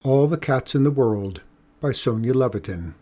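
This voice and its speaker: A man reading a children's storybook aloud with expressive, emphatic delivery. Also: medium pitch, moderate pace.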